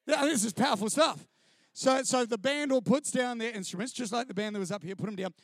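Animated high-voiced male storyteller. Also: dry recording, studio quality. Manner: animated, mimics voices, laughs through lines. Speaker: speaker sharing a testimony. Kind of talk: comic storytelling to an audience.

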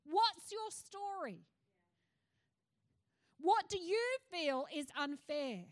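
A woman's voice: very high voice, animated, drawn-out words. A middle-aged woman pastor with an Australian accent, preaching a passionate sermon that rises to fervent cries.

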